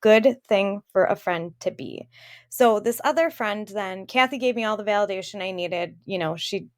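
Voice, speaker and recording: Her voice sits at a medium pitch and moves at a moderate pace as she chats on the podcast she co-hosts. The thirty-something woman opens up about her own life, candid and emotional.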